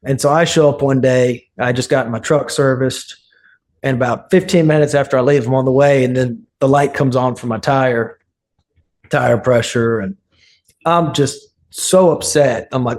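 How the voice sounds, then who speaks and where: A man's voice: medium pitch, steady tone, moderate pace, darkish tone. A man guest on a podcast, a divinity student, telling stories in an earnest way and acting out what people said. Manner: earnest, acts out quoted speech. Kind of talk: casual storytelling interview.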